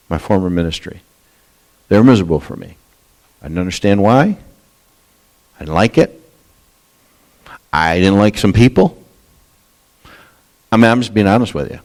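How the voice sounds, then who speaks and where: A man preaching a Bible study sermon, talking candidly and conversationally, rising into animated quoted lines. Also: low voice. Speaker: pastor. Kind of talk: expository sermon.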